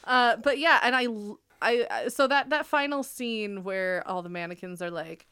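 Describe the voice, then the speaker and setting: A woman's voice: a little high, moderate pace, hardly any pauses, a bit bright, clear, resonant tone. A woman co-hosting a podcast, recapping a film in loose, rambling chat. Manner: rambling, many fillers and restarts. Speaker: podcast co-host.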